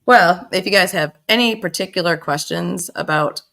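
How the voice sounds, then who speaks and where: Chatty woman with a gravelly low voice. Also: moderate pace, pushed and bright. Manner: chatty, greets viewers by name, laughs often. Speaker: livestream host. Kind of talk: casual livestream chat.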